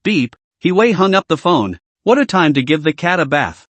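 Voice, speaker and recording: A man reading a story recap aloud, handling both the narration and the characters' dialogue in one steady reading voice. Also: fairly high pitch, fairly quick, no room sound.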